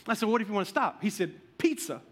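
Animated high-voiced male pastor. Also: quick pace. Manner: animated storyteller, acts out his own voice and sound effects. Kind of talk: sermon with a comic personal story.

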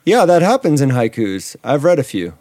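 A man's voice: medium pitch, sing-song, normal speed, darkish tone, no room sound, clean studio sound. A man co-hosting a casual chat, joking dryly and defending himself.

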